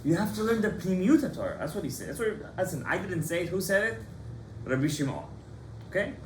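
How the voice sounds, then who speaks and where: A rabbi in his lesson, a man with a somewhat high voice, speaking with passion and drive as he quizzes his students. His voice rings around an echoey study hall over a faint low hum. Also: fairly quick. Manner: animated and impassioned, quizzing students by name. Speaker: rabbi teaching a Torah class. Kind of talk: lively Torah class lecture.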